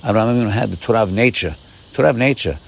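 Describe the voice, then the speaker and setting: A man's voice: lowish voice, very fast, vocal fry. A man teaching Torah in an informal morning talk, urging listeners on with repeated phrases and sudden bursts of emphasis. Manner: warm repetitive exhortation, often saying "my friends"; animated, rising bursts of emphasis.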